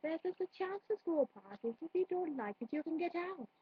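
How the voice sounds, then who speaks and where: A woman's voice: very high-pitched, animated, brisk, no echo, dull audio, voice pushed up. A woman voicing a grumpy shopkeeper with a Welsh accent who scolds and shoos off schoolkids. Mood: scolding. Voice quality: brusque, scolding.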